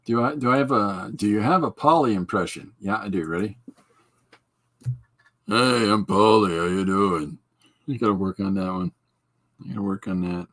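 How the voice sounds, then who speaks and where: Husky-voiced man hosting a casual stream. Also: fairly low pitch, brisk, fairly bright tone. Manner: greets chat viewers and reads their comments aloud; laughs at his own jokes. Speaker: podcast host. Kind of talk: casual livestream chat while drawing.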